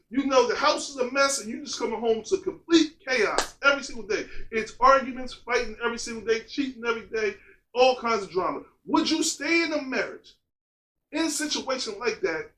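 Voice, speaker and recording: Guy with a really high voice giving a fired-up motivational talk, lots of repeating lists, echoey room. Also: a little fast, pushed and bright. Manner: emphatic and repetitive, with preacher-like lists and rhetorical questions. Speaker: motivational speaker. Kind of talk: motivational monologue. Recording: roomy echo.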